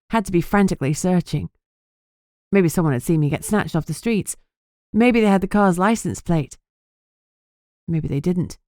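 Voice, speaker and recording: A woman narrating a first-person audiobook in an earnest, steady manner. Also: low voice, dry recording, clean studio sound.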